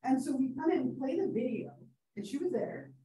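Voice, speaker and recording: A woman's voice: sits high, expressive, brisk, background noise. A woman in her thirties, a psychology instructor telling a case story to a class, chatty, with many fillers and "right?" asides.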